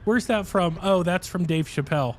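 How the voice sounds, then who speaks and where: A man's voice: high voice, normal speed, a little mellow. A man streaming a game, chatting casually and telling a long rambling story with frequent laughs. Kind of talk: casual chat while livestreaming a game.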